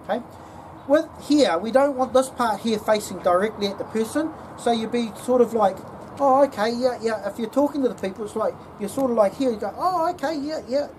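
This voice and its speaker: A woman's voice: fairly high pitch, fairly quick, a little mellow. A woman giving a casual security training demonstration, often checking in with "okay?". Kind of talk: instructional demonstration. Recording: distant mic with background noise.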